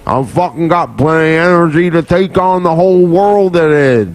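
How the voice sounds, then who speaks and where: A man putting on a gruff, crude guy who rambles and curses in a slurred drawl. His voice sits a touch above an average man's. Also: fairly high pitch, normal speed, slight background noise, lightly acted. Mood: blustering. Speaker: caller doing an impression.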